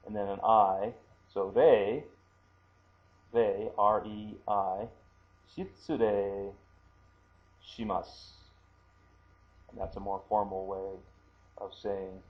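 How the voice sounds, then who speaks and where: A man teaching a language lesson, talking slowly and haltingly with many fillers and repeating words for pronunciation. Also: lowish voice, lo-fi sound. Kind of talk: screen-recorded language lesson.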